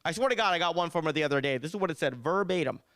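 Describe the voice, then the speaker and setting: Brief: thirties male comic, lively storytelling, bright clear voice, dry close sound. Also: on the high side, racing, no room sound. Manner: animated, exaggerated storytelling. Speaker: comedian and event host. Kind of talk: stand-up comedy set.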